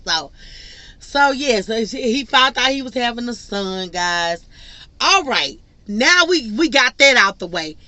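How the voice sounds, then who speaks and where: A young woman vlogger telling a personal story in an animated, laughing, casual way. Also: fairly high pitch, slow pace, dry recording. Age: young adult. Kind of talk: storytime vlog.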